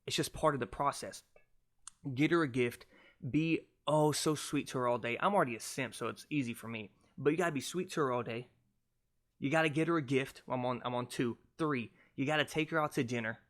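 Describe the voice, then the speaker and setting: A young man hosting his own podcast on a cheap mic, ranting loudly and mockingly with lots of swearing. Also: medium pitch, brisk. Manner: loud, mocking, profane ranting. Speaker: podcast host. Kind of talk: casual ranting monologue. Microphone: cheap USB podcast mic.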